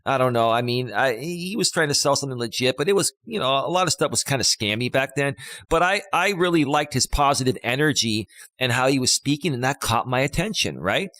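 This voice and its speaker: A man's voice: medium pitch, lively intonation, brisk, a bit bright, dry recording. Rambling middle-aged male life coach. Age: 50s. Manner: rambling, emphatic, with many fillers and restarts. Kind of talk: casual live-stream talk.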